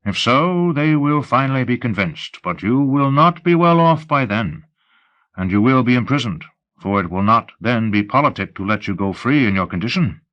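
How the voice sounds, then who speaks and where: Fields: man voicing a sad, formal police officer. Tone: measured. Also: mid-range voice, lively intonation, highs cut off, lightly acted. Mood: grave. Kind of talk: audiobook reading.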